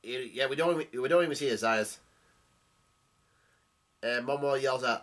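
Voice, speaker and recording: A man casually recapping a comic chapter, halting and full of fillers as he goes. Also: medium pitch, fairly bright tone. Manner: halting, with many fillers and restarts. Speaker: manga reader and recapper.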